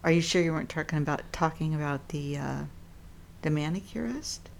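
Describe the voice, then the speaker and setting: A woman co-hosting a casual live stream, wry and quick to laugh. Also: deep voice, animated, gravelly, slight background noise. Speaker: co-host.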